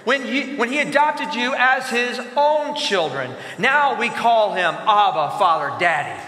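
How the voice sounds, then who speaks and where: A male pastor preaching a sermon in a church, animated, asking the congregation to answer his questions aloud. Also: high-pitched, unhurried. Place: church sanctuary. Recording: echoey church hall with long reverb.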